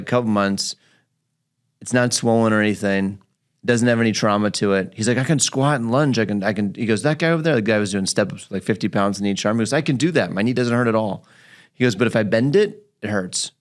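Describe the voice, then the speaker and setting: A man hosting a physical therapy podcast, telling a patient story in casual chat and acting out the patient's lines. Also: fairly low pitch. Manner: animated storyteller, acts out his patient's lines.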